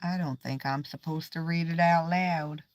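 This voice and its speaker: A woman's voice: deep voice, steady tone, moderate pace, a little mellow, dry recording. A woman chatting casually on a tarot livestream, swearing freely, trailing off and now and then dropping to a whisper. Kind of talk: casual live-stream chat.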